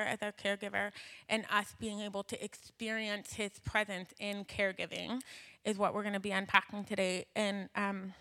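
A woman's voice: mid-range voice, bright, forceful tone. Emotional woman sharing a church testimony. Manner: conversational with fillers, emotional. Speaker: church speaker. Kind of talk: personal testimony in a church talk.

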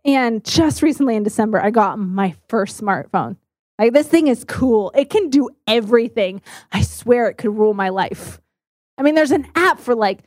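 A woman's voice: a little high, dry recording, studio quality. A young woman telling candid personal stories to an audience, with lots of "like" and "um" along the way. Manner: candid and animated, many fillers like "like" and "um". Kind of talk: personal storytelling talk.

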